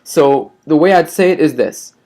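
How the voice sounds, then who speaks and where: A man teaching a classroom lesson, patient and careful, repeating words slowly and checking in often with short questions. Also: a little high, a little mellow.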